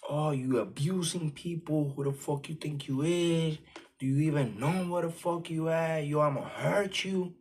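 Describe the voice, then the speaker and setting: Man voicing a burly aggressor, loud and menacing, higher than his narrating voice. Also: moderate pace, natural voice. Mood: threatening. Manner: shouting threats. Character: big angry man threatening a stranger.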